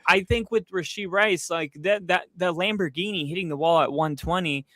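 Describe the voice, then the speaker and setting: A man's voice: high-pitched, moderate pace, sharp tone, dry recording. A young man hosting a casual sports podcast, telling a story with loose fillers and frequent swearing. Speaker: podcast host. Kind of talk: casual chat.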